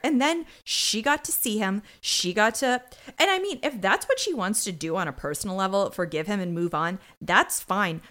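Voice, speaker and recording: A woman's voice: mid-range voice, fairly bright tone. A woman co-hosting a podcast, giving indignant, opinionated commentary on a TV episode in casual chat. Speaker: podcast co-host.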